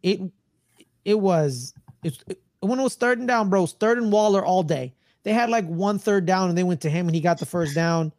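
Animated ranting man, dry sound. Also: high voice, normal speed, no room sound. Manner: animated, ranting, repeats himself, slangy. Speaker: podcast co-host. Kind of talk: casual sports chat.

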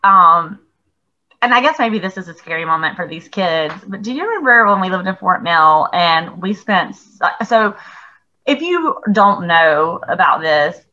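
A middle-aged woman telling stories in a casual podcast chat, animated, laughing and swearing freely. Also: fairly low pitch, measured pace, dull audio. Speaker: podcast co-host.

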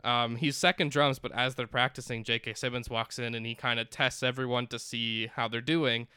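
A man's voice: mid-range voice, little pitch movement, moderate pace, pushed and bright, clear, resonant tone, no room sound, clean studio sound. A young man casually recapping a film as a podcast co-host, rambling with lots of fillers and restarts. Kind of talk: casual chat recapping a movie.

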